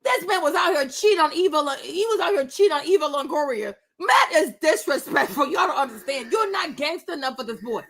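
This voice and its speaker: A woman's voice: high-pitched, lively intonation, fairly quick, hardly any pauses, a bit bright. A woman, ranting about celebrity gossip in a sassy, blunt, profane and mocking way. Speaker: commentator reacting to celebrity gossip. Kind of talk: casual rant.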